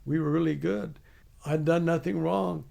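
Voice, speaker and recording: A man's voice: a little high, fairly even intonation, moderate pace, creaky, dark tone. An older man, an army veteran, telling plainspoken stories in an interview and laughing along. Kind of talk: storytelling interview.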